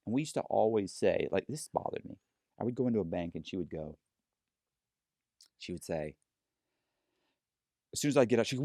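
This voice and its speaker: A man's voice: lowish voice, lively intonation, fairly quick, pauses often, warm tone, dry recording, studio quality. A man telling a story as a podcast guest, acting out both sides of each retold conversation with lots of energy. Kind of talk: animated storytelling in a podcast interview.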